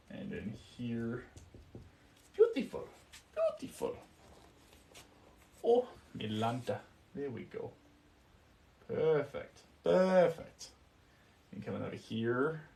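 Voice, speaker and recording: A man's voice: on the low side, gravelly, a little mellow, recorded from a distance, slight background noise. A man with a New Zealand accent chatting casually on a live stream while he paints. He murmurs to himself about his strokes and stops now and then to answer viewer comments.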